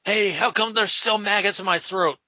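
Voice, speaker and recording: A man reading aloud and voicing a stoned, panicking male street thug in a higher, shrill voice. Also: moderate pace, bright, forceful tone. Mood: freaked out. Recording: slightly dull lo-fi sound.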